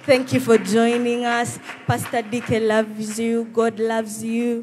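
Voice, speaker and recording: A woman's voice: fairly high pitch, level tone, slow, a little mellow. A woman hosting a church service, rousing the congregation with calls and responses. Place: church hall with live congregation. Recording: church service with music behind. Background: music.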